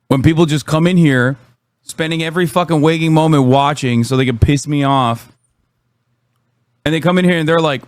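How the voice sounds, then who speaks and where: A man's voice: a little high, moderate pace, no echo. A man live-streaming, ranting about chat trolls in heated, profane, sarcastic commentary.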